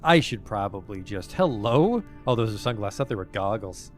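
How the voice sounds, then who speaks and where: A man's voice: on the low side, expressive, normal speed, hardly any pauses, faint music behind. A young man streaming a game, reading its narration aloud and dropping wry asides.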